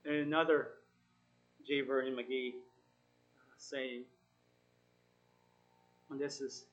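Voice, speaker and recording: A man giving an informal sermon, reading scripture and encouraging his listeners in an earnest, halting way with frequent self-corrections. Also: medium pitch, level tone, a bit bright, low-quality recording. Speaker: Bible study teacher.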